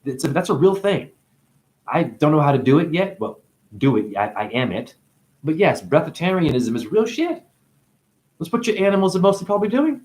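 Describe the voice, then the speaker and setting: A man's voice: on the high side, sing-song, normal speed, darkish tone. A man giving a rambling spiritual monologue, free-associating with wordplay, swearing often and breaking into laughter. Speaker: self-styled spiritual teacher.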